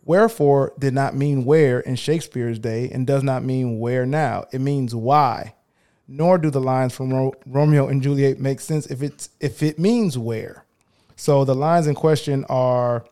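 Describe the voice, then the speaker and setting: A man hosting a podcast in easy, slangy conversation. His voice sits in a medium register, and he gets lively and theatrical when he reads lines aloud. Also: mid-range voice, unhurried, clean tone. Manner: laid-back, slangy, animated when reading aloud. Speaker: podcast host. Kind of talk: casual chat.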